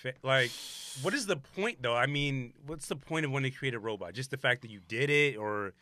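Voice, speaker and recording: A man's voice: mid-range voice, fairly quick, dry recording. A man co-hosting a podcast in casual chat, joking and slangy. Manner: animated, joking, slangy, laughs loudly. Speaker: podcast co-host.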